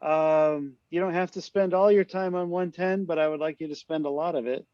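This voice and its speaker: A man's voice: on the high side, steady tone, moderate pace, a little mellow, dry recording, highs cut off. A man lecturing a university class online in a casual, conversational way, often checking in with "right?" to his students. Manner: loose, conversational, full of tag questions.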